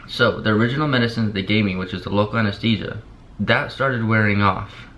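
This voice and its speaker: A man's voice: on the low side, quick pace, a bit bright. A young man vlogging casually, drowsy on pain medicine and barely opening his mouth, rambling with lots of "like" and repeats. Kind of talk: casual chat to camera. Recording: dull lo-fi sound with faint hiss.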